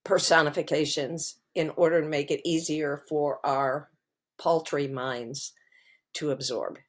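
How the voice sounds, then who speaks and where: A middle-aged woman co-hosting a podcast, talking casually and telling stories in a slow, thoughtful way. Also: sits low, steady tone. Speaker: podcast co-host. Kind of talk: casual conversation.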